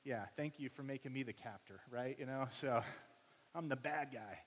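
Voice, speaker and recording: A man in his thirties preaching a sermon, telling family stories in an animated way and acting out everyone's voices. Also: mid-range voice, moderate pace. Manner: animated storytelling, acts out voices of family members. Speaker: pastor. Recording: long reverb of a large hall.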